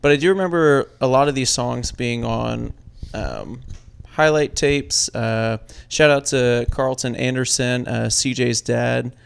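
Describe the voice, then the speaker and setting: A man in his late twenties co-hosting a casual podcast. His voice is gravelly but smooth and resonant, and he mostly reacts with short, laid-back remarks. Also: medium pitch, a little slow. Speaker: podcast co-host. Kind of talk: casual chat.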